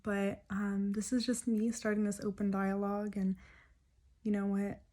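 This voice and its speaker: Young woman talking soft n hesitant to camera, pretty monotone, lots of ums. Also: medium pitch. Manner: soft, hesitant, many pauses and fillers. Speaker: vlogger sharing a personal story. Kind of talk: personal confessional talk to camera.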